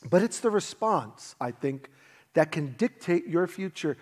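Guy preaching a sermon, highish voice, super expressive, acts out the quotes. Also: a little slow. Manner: animated storytelling, acting out quotes. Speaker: pastor.

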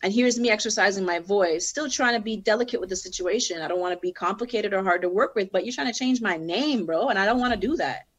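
A woman rapper recounts her early career in a relaxed, conversational way. Her voice sits at an ordinary middle pitch, and she jumps between her own lines and the voices of the people she talks about. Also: fast talker, few pauses. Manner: animated, acts out both sides of conversations. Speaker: guest. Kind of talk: casual storytelling.

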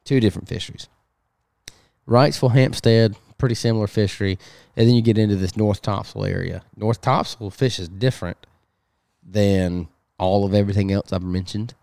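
A young man with a drawl chats on a fishing podcast in a lowish voice. He rambles, repeats himself, and livens up when he tells a story. The sound is close and dry, with no room around it. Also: normal speed, creaky, no room sound. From Sneads Ferry, North Carolina. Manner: rambling, repeats words, animated when telling stories. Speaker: podcast host, fishing guide captain. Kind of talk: casual podcast chat.

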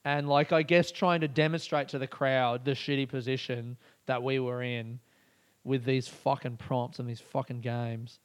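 A man's voice: mid-range voice, level tone, moderate pace, clear, resonant tone. A male comedian and podcast host telling a story in a rambling, profane and exasperated way. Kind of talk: casual storytelling monologue.

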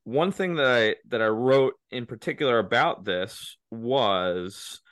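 A man's voice: mid-range voice, measured pace, fairly bright tone, dry recording. A man co-hosting a casual movie podcast, rambling through the plot with many restarts and fillers. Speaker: podcast co-host.

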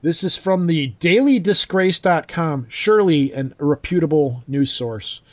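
A man's voice: on the high side, expressive, unhurried, no echo. Man, podcast host, sarcastic news reader, dry recording. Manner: dry, sarcastic, steers the show. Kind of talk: casual chat, reading news aloud.

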